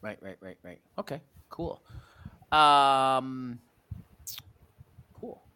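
Bright-voiced chatty Canadian man. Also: mid-range voice, lively intonation, drawn-out words, smooth. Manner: rambling storyteller with many restarts. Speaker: podcast co-host. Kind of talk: casual sports chat.

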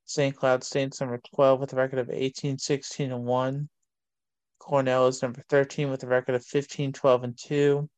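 A man, hosting a casual sports show and reading long lists of college rankings in a steady way. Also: mid-range voice, moderate pace, clear, resonant tone, dry recording.

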